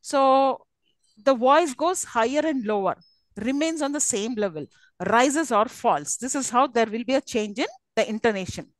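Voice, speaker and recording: A woman's voice: fairly high pitch, expressive, moderate pace, no echo, poor audio. A woman teaching a university class, explaining patiently, with many fillers and questions put to her students. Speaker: university English lecturer. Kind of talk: live lecture to students.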